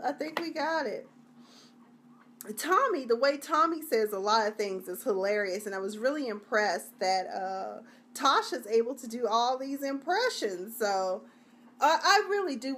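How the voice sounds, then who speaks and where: A woman's voice: a little high, a bit bright. A woman hosting a casual live-stream review, talking in a chatty, rambling, slangy way. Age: adult (junior high long ago).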